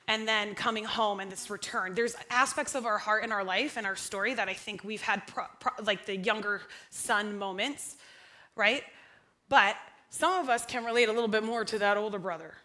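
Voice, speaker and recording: A woman's voice: medium pitch, bright, forceful tone. A young woman preaching a sermon in church, chatty and self-deprecating, asking the congregation questions. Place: church sanctuary.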